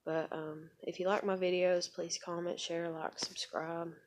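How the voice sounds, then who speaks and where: A woman, telling a personal story in a rambling, profane vlog, dropping to quiet asides and rising to loud outbursts. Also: on the low side, flat delivery, measured pace. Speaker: vlogger.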